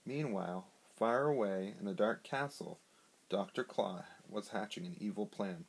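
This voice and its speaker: A man reading a picture book aloud to his son in a lively, expressive way, recorded on a handheld iPad. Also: lowish voice, normal speed, slightly rough, rough recording. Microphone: iPad held in hand.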